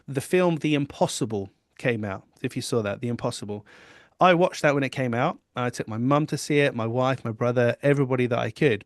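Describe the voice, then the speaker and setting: A middle-aged man, a podcast guest, telling a personal story in a candid, animated way. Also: mid-range voice, no room sound, studio quality. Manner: candid, animated retelling with quoted inner thoughts.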